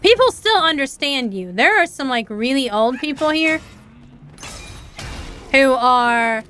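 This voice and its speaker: A woman's voice: sits high, animated, slow pace, bright, forceful tone, soft background music. A young woman with an Appalachian accent, chatting casually and rambling while streaming a game, laughing often. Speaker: VTuber streamer.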